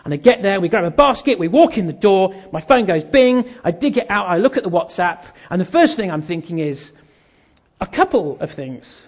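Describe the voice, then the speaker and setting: Pastor guy, high voice, acting out a story with jokes, people laughing. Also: brisk, few pauses. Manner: animated, acts out dialogue, self-deprecating humor. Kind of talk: sermon with storytelling. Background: audience laughter.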